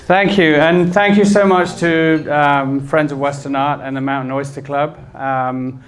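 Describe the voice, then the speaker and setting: A man from Kenya, a wildlife artist, opening his lecture with modest, halting thanks and many restarts. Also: a little high, steady tone, a little hiss or hum. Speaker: guest speaker, wildlife artist.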